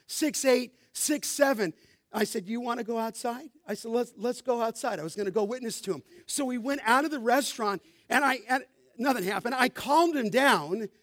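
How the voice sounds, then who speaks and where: A middle-aged man preaching with a high, ringing voice. He moves between chatty storytelling and fervent exhortation, and the sound is close and dry with no room around it. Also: dry recording. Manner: passionate, rising to emphatic exhortation; storytelling, conversational asides. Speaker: pastor. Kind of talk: sermon.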